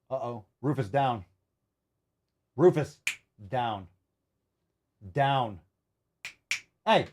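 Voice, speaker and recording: A man's voice: medium pitch, a little mellow. A man hosting a podcast who reacts to clips in a mocking, profane, sarcastic way. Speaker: podcast host. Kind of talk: casual podcast reaction commentary.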